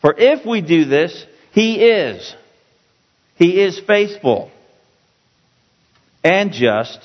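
A man teaching a Bible passage as a pastor, slow and emphatic, repeating key words for his listeners. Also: high voice, very animated. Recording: dull, roomy hall sound.

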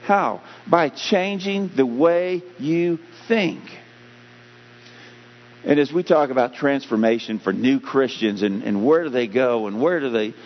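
A man preaching a sermon as pastor, animated, getting louder and slower to stress his points. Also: medium pitch. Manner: animated preaching, rising loud and slowing for emphasis. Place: church sanctuary. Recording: dull, humming church hall recording.

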